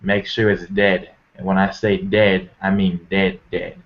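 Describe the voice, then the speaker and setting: A man's voice: low-pitched, flat delivery, unhurried. A man playing a blunt, cocky male farmhand brawler who talks in folksy threats, in a tabletop game. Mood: grim. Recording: muffled lo-fi recording.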